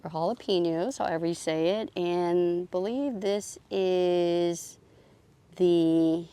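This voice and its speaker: A woman's voice: lowish voice, steady tone, slow pace, warm tone, smooth. A woman giving a casual, chatty tour of her outdoor garden, thinking aloud as she films on a phone. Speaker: gardening vlogger.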